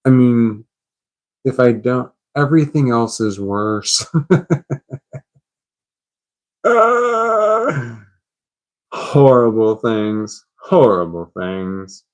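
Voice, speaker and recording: Slow-talking puzzled man live streaming. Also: fairly low pitch, darkish tone, clear, resonant tone. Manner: puzzled, self-mocking, laughs at himself. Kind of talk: rambling live-stream chat.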